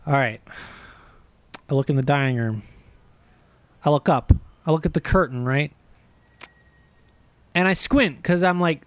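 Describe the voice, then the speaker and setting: A man with a fairly high voice spins a long, profane story for his stream. He is animated and self-mocking. The sound is dry and close, with no room ring. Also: measured pace, pauses often, dry recording. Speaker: livestreamer. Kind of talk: casual storytelling stream chat.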